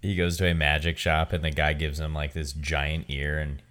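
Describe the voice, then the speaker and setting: Male podcast co-host, extremely deep voice, easygoing, laughs a lot, casual chat. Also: little pitch movement, moderate pace, fairly bright tone. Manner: easygoing, laughs often, hesitant fillers. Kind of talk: casual movie watch-along chat.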